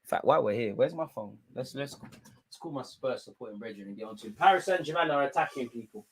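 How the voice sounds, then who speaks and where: A man's voice: mid-range voice, quick pace, slight background noise. London man with slangy banter. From London, England. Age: 20s. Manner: animated storytelling in London slang. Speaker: football watchalong host. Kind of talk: live match commentary and banter.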